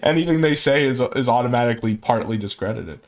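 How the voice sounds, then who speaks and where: A man's voice: mid-range voice, lively intonation, fast talker. A man giving casual, sarcastic reaction commentary on a video, breaking in with incredulous asides.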